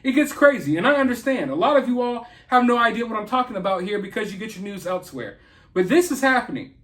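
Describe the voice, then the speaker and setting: A man's voice: sits high, sing-song, quick pace, fairly bright tone. A man hosting an opinion commentary vlog, talking in an indignant, emphatic and mocking way. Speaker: commentary channel host.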